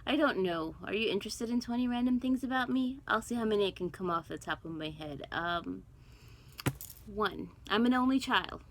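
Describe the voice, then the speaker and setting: A rough recording captures a middle-aged woman with a medium-pitched voice speaking at a moderate pace. Born in Guyana and raised in Brooklyn, New York, this cross stitch vlogger chats casually to camera, rambling with many ums, asides, and self-talk.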